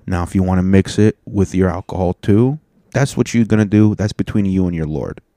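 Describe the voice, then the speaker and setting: A comedian talking casually to camera, rambling and joking with plenty of swearing. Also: male voice, low voice, fairly quick, mellow, dry recording, studio quality. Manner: profane, rambling, jokey.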